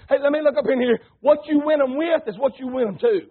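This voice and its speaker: A folksy preacher with a strikingly high, husky voice drives his sermon home, dropping to plain talk and then rising to loud calls. The sound comes over a thin, phone-like radio broadcast. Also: fast talker, few pauses. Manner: folksy, rousing, swings between quiet talk and shouting. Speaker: pastor.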